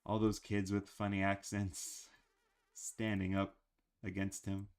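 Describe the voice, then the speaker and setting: A man's voice: low-pitched, monotone, slow, darkish tone, clear, resonant tone. A man talking casually about cartoons in a rambling, chatty way with frequent fillers. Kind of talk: casual chat.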